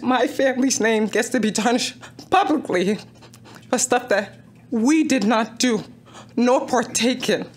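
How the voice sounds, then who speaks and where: A woman's voice: on the high side, slight background noise. A woman speaking at a town council public comment, emotional, pleading and insistent.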